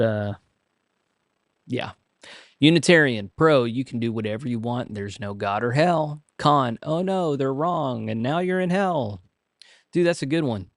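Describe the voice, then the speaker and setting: A man's voice: mid-range voice, dry recording. A man hosting a casual livestream, reading items aloud and commenting with dry humor, with frequent hesitations. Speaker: livestream host.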